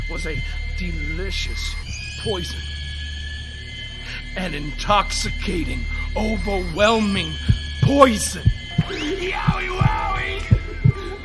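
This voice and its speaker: High, sing-song unhinged ring villain, menace to glee, drawn-out delivery, music playing loud behind. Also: male voice, heavily acted. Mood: gleeful shrieking. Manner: swings from hushed menace to shrieking glee. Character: sinister, unhinged male wrestling villain.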